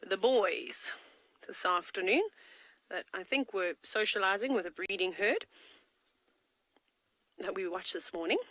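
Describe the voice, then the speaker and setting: A woman's voice: medium pitch, fairly bright tone, dry recording, rough recording. A woman safari field guide giving chatty, enthusiastic live commentary from a game-drive vehicle, with a tickle in her throat. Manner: chatty and enthusiastic, talks to kids.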